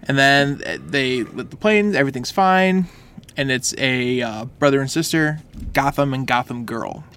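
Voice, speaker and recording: A man's voice: mid-range voice, normal speed, fairly bright tone, clean tone. A man co-hosting a casual comic-book podcast, cracking dry jokes and laughing often. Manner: wry jokes, frequent laughter. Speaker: podcast co-host.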